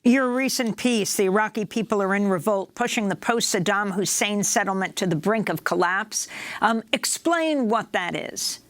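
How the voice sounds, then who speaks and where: A female news anchor asking a correspondent brisk, direct questions during an interview. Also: mid-range voice, a bit bright, dry recording.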